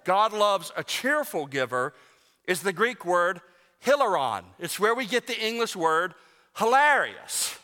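A man preaching a sermon to his congregation, animated and joking, with emphatic rises on key words. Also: sits high. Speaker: pastor. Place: church sanctuary. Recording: long church reverb.

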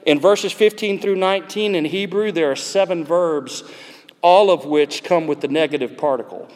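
A man's voice: on the high side, moderate pace. A man preaching an expository sermon in a conversational, digressive way, with asides to the congregation. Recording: long reverb in a large hall.

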